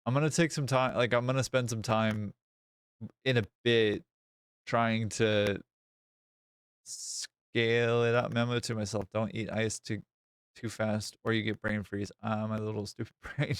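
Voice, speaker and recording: A man streaming a game live, chatting casually in an excitable, self-mocking and sarcastic way. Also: lowish voice, measured pace, smooth, no echo. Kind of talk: live gameplay stream chat.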